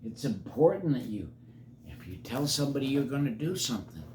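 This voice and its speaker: An older man reading a children's picture book aloud, animated and stopping to chat with the kids. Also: mid-range voice, a little fast, background noise. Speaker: storybook reader for children.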